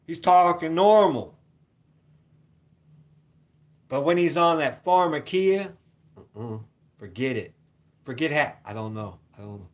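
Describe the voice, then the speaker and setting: Slightly high-voiced man ranting, loud then muttering. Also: lively intonation, moderate pace, lo-fi sound. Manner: ranting, repetitive, profane, swings between loud and muttered. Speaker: vlogger. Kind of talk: rambling opinion rant. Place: home.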